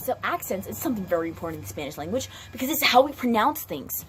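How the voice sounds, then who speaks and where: A woman runs a playful mock Spanish lesson, chatting freely with lots of fillers and repeated words. Her medium-pitched voice rises and falls in a lively way. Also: fast talker, hardly any pauses, a little hiss or hum. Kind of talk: playful home video lesson.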